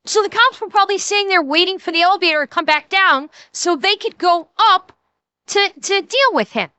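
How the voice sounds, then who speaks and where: A woman's voice: very high-pitched, lively intonation, a little fast, pushed and bright, dry recording. A woman streamer giving casual, crude and mocking reaction commentary, swearing freely.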